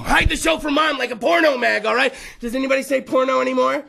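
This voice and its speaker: A man in his thirties hosting a rowdy live show at a bar. He talks loud and crude and rambles on with the crowd, in a very high, bright voice with some gravel in it. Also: steady tone, fast talker, hardly any pauses. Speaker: host. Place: bar or venue with a live audience.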